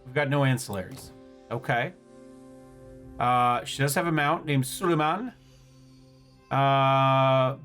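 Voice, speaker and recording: A man's voice: medium pitch, takes it slowly, long pauses, fairly bright tone, faint music behind. A man hosting a casual let's-play, thinking aloud as he plays and often stumbling over words. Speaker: gaming channel host.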